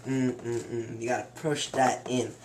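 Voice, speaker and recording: A man's voice: medium pitch, unhurried, slight background noise. Young guy hamming it up cooking at home, bragging and chatty, roomy kitchen, pans clinking faintly. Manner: playful, boastful, chatty. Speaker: home cook hosting a joke cooking show. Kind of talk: comic cooking demonstration. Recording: roomy kitchen with clattering dishes. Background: faint clatter of cutlery and pans.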